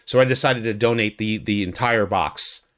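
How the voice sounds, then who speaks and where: A YouTube host recaps a fan convention casually, speaking at normal speed with a fairly bright tone into a USB studio condenser microphone. He rambles with frequent restarts and "likes," and his acted-out quotes come in a much higher voice.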